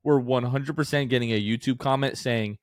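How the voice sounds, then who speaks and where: A young man in his twenties co-hosts a casual sports podcast, telling stories with animated energy and jumping high in pitch when he acts out other people's lines. His voice sits at a middle pitch and is recorded dry and close to the mic. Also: fairly quick, no echo. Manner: animated storyteller, acts out quotes with big pitch jumps. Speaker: podcast co-host.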